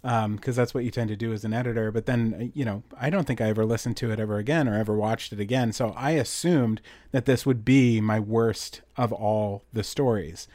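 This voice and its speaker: A man's voice: lowish voice, a little fast, few pauses, darkish tone, no room sound. A man who writes and edits the show, chatting casually in a reflective, self-deprecating way. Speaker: podcast creator and storyteller. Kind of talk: casual chat.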